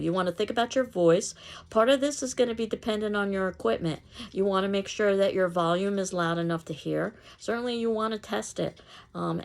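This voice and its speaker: Low, gravelly-voiced woman lecturing. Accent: New York. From New York City. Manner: clear, steady explanatory delivery with occasional fillers. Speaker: public speaking instructor. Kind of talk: recorded online lecture.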